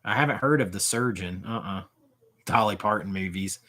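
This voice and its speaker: A man's voice: fairly low pitch, normal speed, sharp tone. A man in his forties hosting a casual livestream, rambling as he answers chat comments, often trailing off and restarting. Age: 40s. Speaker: livestream host.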